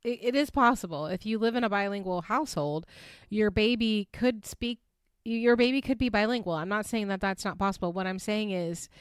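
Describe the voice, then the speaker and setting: A woman's voice: medium pitch, no room sound, studio quality. A tired woman hosting a casual recap podcast, rambling and giggling with lots of "like"s. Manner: chatty, giggly, rambling with many likes. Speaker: podcast host recapping reality TV. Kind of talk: casual chat.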